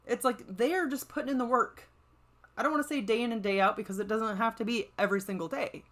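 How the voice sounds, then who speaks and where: A woman's voice: on the high side, fairly even intonation, fast talker, fairly bright tone. Chatty, encouraging woman podcast host. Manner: upbeat, encouraging, chatty with frequent "right?" and "like". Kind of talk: motivational solo podcast talk.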